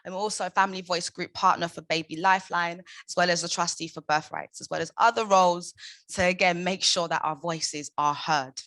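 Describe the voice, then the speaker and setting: Forceful woman giving an impassioned talk. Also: on the low side, steady tone, brisk, no room sound. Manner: impassioned, emphatic, rhetorical questions. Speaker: conference speaker, founder of a maternal support group. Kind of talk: prepared conference talk.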